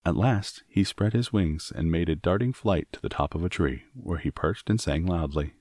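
A man narrating a storybook in a measured, expressive reading. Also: deep voice, dry recording, clean studio sound. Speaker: audiobook narrator.

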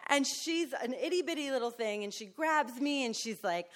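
A woman's voice: high voice, normal speed, hardly any pauses. A woman giving a candid, emotional personal testimony, speaking frankly with blunt swearing and acting out the people in her story. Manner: animated storyteller who acts out other people.

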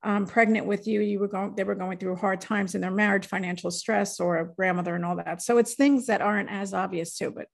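A woman's voice: medium pitch, steady tone, a little fast, creaky, hardly any pauses. A woman hosting a podcast, chatting casually with her guest and chiming in with short agreements. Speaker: podcast host. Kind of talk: casual interview chat.

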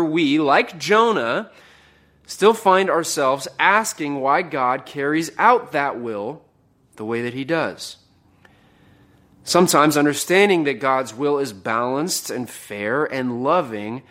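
A man's voice: fairly high pitch, a little slow. Earnest man preaching a sermon. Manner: earnest, rises for quoted outbursts and drops to a hush.

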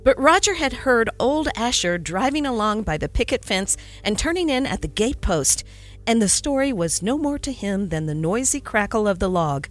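A woman narrating a classic holiday story in an expressive, storytelling reading. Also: fairly high pitch, normal speed, soft background music.

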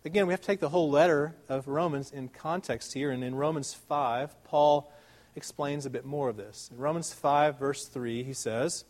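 Earnest male preacher, slightly high voice. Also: steady tone. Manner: earnest, emphatic, with swings between loud stresses and soft, drawn-out words; conversational asides, rhetorical questions. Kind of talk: sermon.

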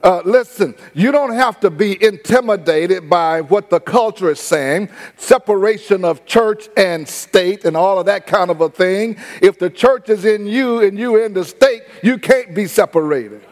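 A man's voice: high voice, big-room sound. A man preaching a sermon to his congregation in a church, talking in a conversational, folksy way and stretching out words to stress them. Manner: conversational preaching, drawn-out emphasis, folksy phrasing. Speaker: pastor. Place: church sanctuary.

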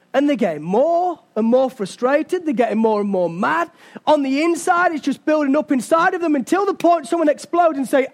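Male pastor, very high voice, chatty storytelling sermon. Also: animated, normal speed. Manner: storytelling, acts out voices, conversational with fillers.

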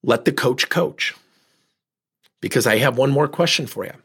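A man's voice: mid-range voice, moderate pace, vocal fry, a bit bright, breathy edge. A middle-aged man, a leadership speaker, telling a coaching story and acting out both sides of the conversation.

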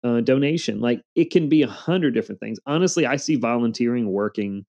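A man's voice: medium pitch, animated, brisk, a little mellow, lo-fi sound. A man in his forties telling earnest stories in a casual interview, with a motivational tone. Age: 40s. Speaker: podcast guest.

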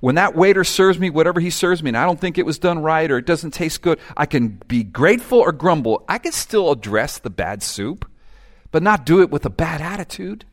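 A middle-aged male pastor preaching a sermon, swinging from hushed asides to loud, fervent passages and acting out quoted prayers. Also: on the high side, lively intonation, brisk. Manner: acts out quoted prayers and complaints.

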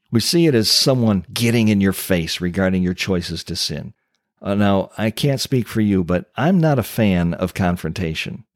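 A low-voiced man preaching a sermon, leaning hard on key words and pausing for effect. The sound is close and dry, with no room around it. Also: a little mellow, dry recording. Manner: emphatic preaching with dramatic pauses. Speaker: pastor.

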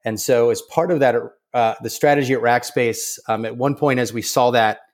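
A man being interviewed as a guest, talking in a relaxed way with many fillers and restarts. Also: mid-range voice, moderate pace. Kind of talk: conversational interview.

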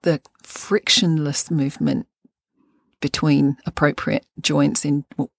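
An older woman in a measured, thoughtful way, explaining fascia and anatomy on a podcast. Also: low-pitched, creaky, dry recording, clean studio sound. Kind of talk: podcast lesson.

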